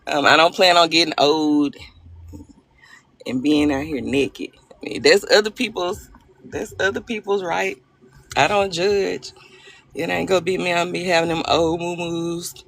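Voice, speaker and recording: A woman's voice: lowish voice, steady tone, measured pace, creaky, a bit bright. A woman hosting a casual phone livestream, upbeat and chatty, greeting her viewers by name. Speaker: livestream host.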